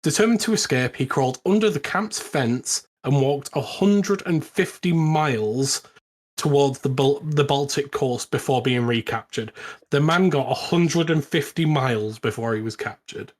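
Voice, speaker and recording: A British man co-hosting a podcast, telling a history story in casual, animated chat with frequent laughs. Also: mid-range voice, moderate pace. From Britain. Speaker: podcast co-host.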